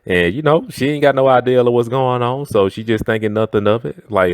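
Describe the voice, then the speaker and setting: A man's voice: medium pitch, fairly quick, hardly any pauses, clear, resonant tone, no echo, clean studio sound. A man telling a workplace story in a slangy, chatty way, often checking in with the listener. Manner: slangy and chatty, often asking "know what I'm saying". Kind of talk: casual storytime.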